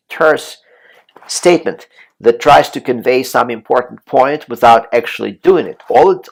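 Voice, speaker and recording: A man giving a recorded college lecture on politics and the media, speaking in a measured way with frequent "uh" fillers and restarts. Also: mid-range voice, gravelly.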